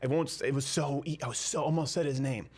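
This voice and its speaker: A man hosting a comedy talk show, riffing sarcastically with quick mocking asides. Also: medium pitch, darkish tone, husky. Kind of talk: casual comedic chat.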